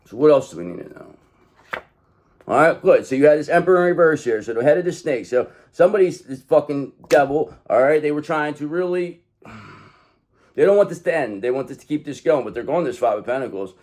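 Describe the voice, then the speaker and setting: A man's voice: fairly high pitch, lively intonation, brisk, a little mellow. A man giving a casual tarot card reading, blunt and profane, rambling as he talks straight to the viewer. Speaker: tarot reader.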